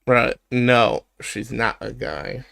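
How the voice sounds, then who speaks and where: Slow-talking young streamer guy. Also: medium pitch, lively intonation, vocal fry, a bit bright, no room sound, studio quality. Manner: laughs often, denies teasing with "bruh". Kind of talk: casual chat on a live stream.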